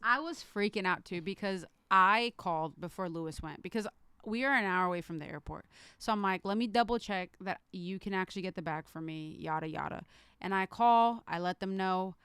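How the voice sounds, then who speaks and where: A young woman with a drawl tells her story with animated energy and casual swearing. Her voice is exceptionally clear and smooth. The recording is close and dry, made in a hotel room. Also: medium pitch, brisk, dry recording. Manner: animated storyteller, cursing freely. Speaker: podcast co-host. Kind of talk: casual chat.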